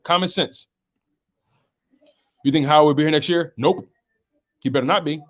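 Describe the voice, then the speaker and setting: A man's voice: fairly high pitch, moderate pace, fairly bright tone. A man hosting a casual sports talk live stream, reading viewer comments aloud and reacting to them.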